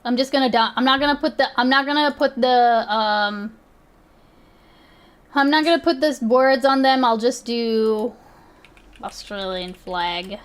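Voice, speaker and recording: Giggly slow-talking female streamer. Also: fairly high pitch, clear, resonant tone. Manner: giggly, thinking aloud, many restarts. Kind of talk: casual live-stream chat.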